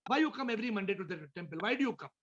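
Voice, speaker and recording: A man's voice: high voice, lively intonation, very fast, fairly bright tone, muffled recording. A man, a spiritual teacher, giving a question-and-answer talk over a video call, often repeating words and asking listeners questions.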